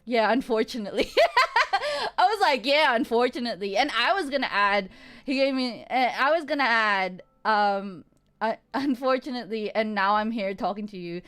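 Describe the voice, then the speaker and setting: A woman streamer telling a story in casual chat, animated, laughing often and swearing freely. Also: fairly high pitch, moderate pace.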